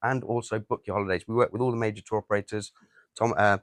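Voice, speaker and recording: A man's voice: on the low side, steady tone, fast, no room sound. A man co-hosting a casual chat, talking in a friendly, chatty way about his time as a holiday rep. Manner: chatty, plugs a travel business. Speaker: podcast co-host.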